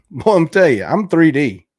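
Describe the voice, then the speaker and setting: A man's voice: on the high side, big pitch swings, moderate pace, dry recording. Brash man coaching viewers, dry close sound. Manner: brash, coaching, swears casually; laughs often, talks straight to viewers. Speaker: host reacting to viewer videos. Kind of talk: casual livestream chat.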